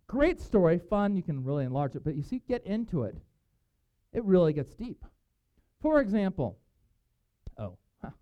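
A man preaching a Sunday sermon in a mellow, slightly raised voice. He tells the story casually, with self-deprecating asides, and the recording is dull and lo-fi. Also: on the high side. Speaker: pastor.

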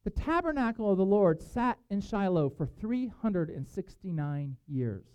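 A pastor telling stories in a casual, animated sermon with self-deprecating asides. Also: male voice, high voice, moderate pace, clean tone.

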